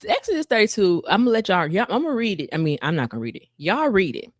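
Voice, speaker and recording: A woman's voice: mid-range voice, sing-song, quick pace, dry recording, studio quality. A woman co-hosting a faith podcast, retelling a Bible story in loose, slangy paraphrase and often repeating and restarting her lines. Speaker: podcast co-host. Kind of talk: casual faith podcast chat.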